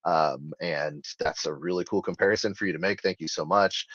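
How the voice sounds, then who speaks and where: The recording has no echo but sounds slightly dull and lo-fi, capturing a low-pitched, somewhat bright male voice that moves a little fast. He's the author guest in an interview, rambling casually in long sentences riddled with fillers and false starts.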